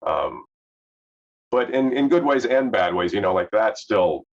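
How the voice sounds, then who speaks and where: A middle-aged man with a faint Southern US accent, chatting as an interview guest in a relaxed, rambling way with lots of fillers. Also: fairly low pitch, unhurried. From Southern US, Memphis. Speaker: actor guest. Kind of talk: casual interview chat. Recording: dull lo-fi sound.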